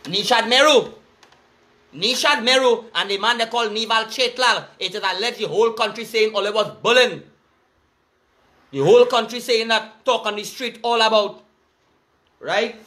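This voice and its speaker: A man's voice: extremely high pitch, sharp tone. A man from Trinidad and Tobago with a Trinidadian accent, an entertainer delivering a heated, profane, repetitive rant to camera. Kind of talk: angry cursing rant to camera.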